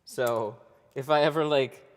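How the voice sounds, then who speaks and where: A man's voice: mid-range voice, steady tone, measured pace. A man who runs a window tint shop, chatting casually and rambling on a livestream while he works, often laughing. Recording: echoey reverberant workshop.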